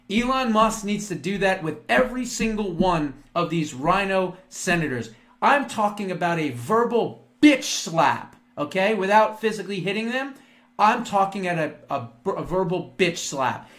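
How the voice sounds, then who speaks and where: A man ranting with a lively, high voice. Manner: ranting, crude and emphatic; slows down and gets loud to act out imagined speeches. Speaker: host. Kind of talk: opinion monologue.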